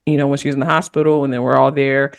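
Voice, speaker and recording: A woman's voice: very deep voice, level tone, very fast, gravelly. A woman on a podcast panel, candidly and reflectively telling a personal story in casual conversation.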